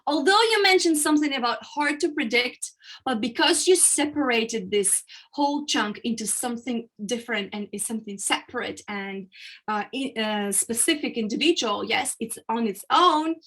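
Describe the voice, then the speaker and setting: In a training session, a public speaking coach with a high, bright voice explains ideas step by step. She stresses key words and pauses to show how emphasis works, using lots of vocal variety.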